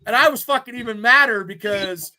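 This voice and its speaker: A man's voice: extremely high pitch, brisk. A man in his fifties, a podcast co-host, telling rambling, profanity-filled stories in casual chat. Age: 50s. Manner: profane, rambling, animated storytelling.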